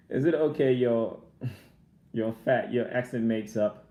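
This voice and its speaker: Young guy rambling thru an unboxing, laughs a lot, warm voice in an echoey room. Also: mid-range voice, slow pace. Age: young adult. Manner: chatty, rambling, reads and answers viewer comments; laughs often between remarks. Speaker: vlogger. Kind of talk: casual live-chat unboxing.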